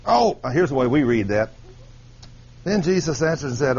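A man preaching a sermon, animated and firing questions at his congregation, on a dull lo-fi recording. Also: medium pitch, normal speed, long pauses, slight background noise.

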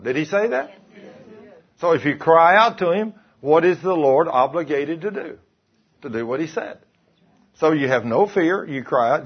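A man preaches in a husky, mid-pitched voice, spinning a folksy personal story with plenty of emphasis. The recording is dull and muffled, like an old church tape. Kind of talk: sermon with personal testimony.

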